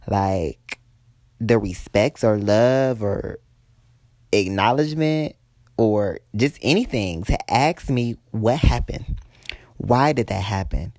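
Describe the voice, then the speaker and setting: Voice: medium pitch, a little mellow, no room sound. A person telling a workplace story to viewers, heated and blunt, swearing freely. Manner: speaks straight to viewers. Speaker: vlogger telling a work story. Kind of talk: storytime venting to the camera.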